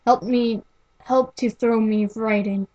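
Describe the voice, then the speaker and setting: A woman voicing a gentle, remorseful male robot sphere who speaks quietly and haltingly. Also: fairly high pitch, fairly even intonation, lo-fi sound. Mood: sad, confessing.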